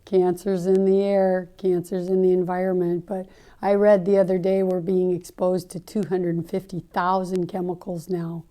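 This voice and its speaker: A woman's voice: fairly low pitch, flat delivery, normal speed, dark tone. A woman hosting her own podcast as a natural health practitioner, telling a story in an earnest, heartfelt, rambling way. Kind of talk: casual storytelling monologue.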